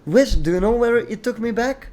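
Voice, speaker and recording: A man's voice: very high-pitched, moderate pace, warm tone. Opinionated man arguing his case. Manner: opinionated, explains at length, quotes characters. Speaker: host. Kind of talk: casual discussion.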